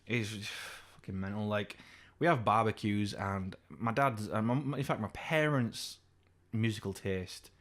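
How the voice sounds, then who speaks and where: Young man, sweary and animated. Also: unhurried. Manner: swears freely, imitates his dad with raised pitch. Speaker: podcast co-host. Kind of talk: casual chat.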